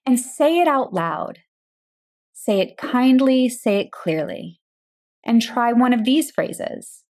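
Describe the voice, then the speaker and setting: A woman hosting a coaching podcast, speaking in a calm, direct scripted monologue with rhetorical questions. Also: a little high, slow pace. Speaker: burnout and boundaries coach, podcast host.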